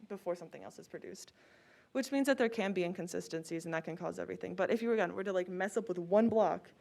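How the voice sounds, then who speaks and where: A woman's voice: mid-range voice, a little mellow. A young woman presenting at a student security conference, speaking casually with frequent fillers. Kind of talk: conference talk.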